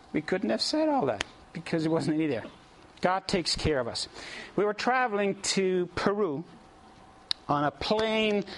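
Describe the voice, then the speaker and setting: Animated, higher-voiced male preacher. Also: slight background noise. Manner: animated, chuckles often, direct to audience. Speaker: preacher leading mission trips. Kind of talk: storytelling sermon.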